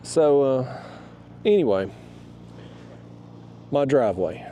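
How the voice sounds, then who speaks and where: A man's voice: medium pitch, lively intonation, slow, dark tone, dull audio, a little hiss or hum. A middle-aged man tells a rambling, fired-up story to camera while fishing from a kayak outdoors, swearing freely. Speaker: fishing vlogger.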